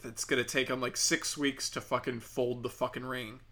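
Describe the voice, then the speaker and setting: A man's voice: medium pitch, flat delivery, normal speed, bright, forceful tone. A man telling a rambling comic story, sarcastic and profane. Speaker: comedian. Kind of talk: comedic storytelling.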